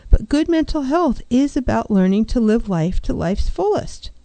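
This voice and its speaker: Middle-aged woman counselor hosting a talk show; earnest advice, mellow tone, dry close sound. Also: a little high, big pitch swings, normal speed, no room sound. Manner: earnest, advising, acts out clients' voices.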